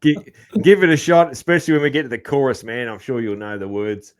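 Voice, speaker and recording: An Australian man hosting a podcast, talking in a relaxed, rambling way with lots of fillers and calling his guest man. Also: mid-range voice, fast, smooth. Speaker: podcast host. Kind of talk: casual interview chat.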